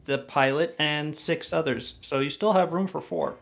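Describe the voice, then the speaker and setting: A man narrating a tabletop game as game master, relaxed and thinking aloud with fillers. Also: on the high side, moderate pace, creaky, highs cut off, slight background noise.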